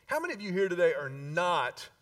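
A man preaching a sermon as pastor, emphatic, with dramatic pauses and slowed key phrases. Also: sits high, very animated, a bit bright, far from the mic.

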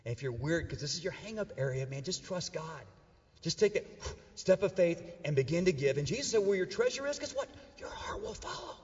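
A middle-aged pastor preaches to a live audience in a church auditorium, his voice high for a man and full of playful banter. He moves a little fast with big pitch swings, shifting from loud, joking calls to hushed, earnest lines, while the dull sound carries a long echo from the large hall.

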